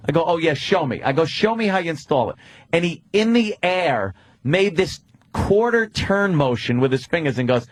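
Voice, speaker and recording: A man hosts a radio talk show, spinning a story and breaking into laughter as he goes. His voice is somewhat husky and sits a little high for a man. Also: expressive, a little fast. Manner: laughing storyteller who imitates friends in quotes. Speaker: radio host. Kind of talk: casual chat.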